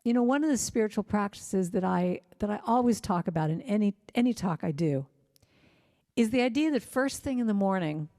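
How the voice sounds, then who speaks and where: A middle-aged woman giving a gentle, heartfelt inspirational talk in a church, telling personal stories. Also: mid-range voice, expressive, brisk. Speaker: singer-songwriter speaker.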